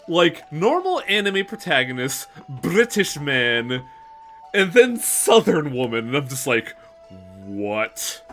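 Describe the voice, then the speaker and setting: Male streamer, bright and animated delivery, casual and profane, light music bed. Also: on the high side, measured pace. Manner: swears freely, expressive. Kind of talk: casual chat while playing a game.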